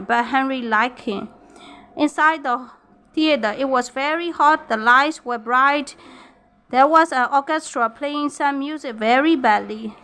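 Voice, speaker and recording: Bright-voiced woman reading a storybook. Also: high-pitched. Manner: halting, with slips and restarts. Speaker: reader. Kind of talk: reading a graded storybook aloud.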